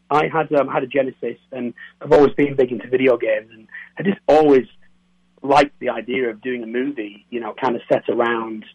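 A man from near Newcastle with a softened northern English accent, a film director answering interview questions in a hesitant way, repeating words and laughing often. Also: medium pitch, breathy edge, no room sound, lo-fi sound. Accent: northern English, softened toward standard. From northern England, near Newcastle. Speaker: film director and co-writer, guest.

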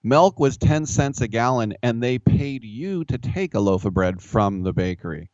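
A man's voice: mid-range voice, animated, moderate pace, darkish tone, no room sound. A man hosting a sports radio show, telling rambling, self-mocking stories. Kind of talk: casual sports talk radio. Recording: dull, dry studio sound.

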